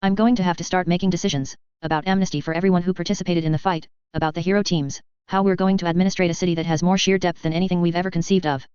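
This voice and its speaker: A woman's voice: on the low side, fairly even intonation, rapid-fire, hardly any pauses, a little mellow, smooth, no echo, highs cut off, natural voice. A woman reading the lines of a grave, urgent male hero leader in an audiobook.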